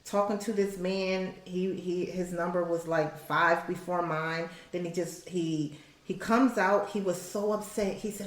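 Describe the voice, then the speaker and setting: Animated woman telling stories in an echoey room. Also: lowish voice, moderate pace. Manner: animated storyteller, voices other people's lines. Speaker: podcast co-host. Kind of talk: casual faith-based chat.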